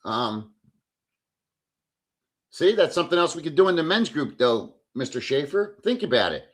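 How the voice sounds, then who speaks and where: A man hosting a casual livestream, telling stories in an animated way, reading chat comments aloud and swearing freely. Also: a little high, fairly quick. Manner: animated storyteller who reads chat aloud. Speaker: livestream host. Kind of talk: casual live-stream chat.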